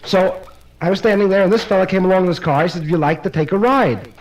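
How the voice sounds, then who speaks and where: A man's voice: sits high, quick pace, darkish tone, rough recording. A man voicing a young woman who recounts her story to a judge in a chatty run-on way. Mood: storytelling.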